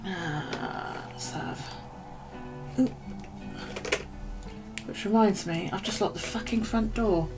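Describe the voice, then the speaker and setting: A woman's voice: medium pitch, takes it slowly, long pauses, music in the background. A middle-aged British woman vlogging, telling a gossipy story in casual, chatty talk and swearing freely. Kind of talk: casual chat to camera.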